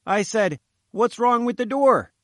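A man's voice: very high voice, lively intonation, a little slow, a bit bright, no room sound, clean studio sound, voice pushed up, exaggerated voice. A man voicing a fat little pushy male journalist, sputtering and cheeky.

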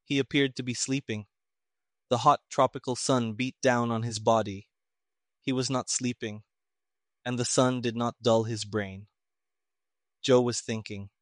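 A man narrating an audiobook in a steady, plain storytelling manner. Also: mid-range voice, measured pace, long pauses, no echo, studio quality.

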